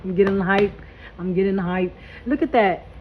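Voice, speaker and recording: A woman's voice: medium pitch, normal speed, phone-quality sound, background noise. A woman doing a casual spiritual reading vlog, hyped and blunt, talking in slang and swearing freely. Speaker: tarot reader.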